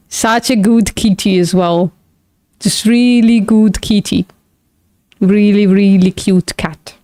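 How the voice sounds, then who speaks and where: A woman's voice: mid-range voice, fairly even intonation, slow pace, mellow, no echo, studio quality. A woman hosting a live stream, chatting casually with viewers, swearing and laughing at herself. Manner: casual, swears, laughs often, self-mocking. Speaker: livestream host studying logic.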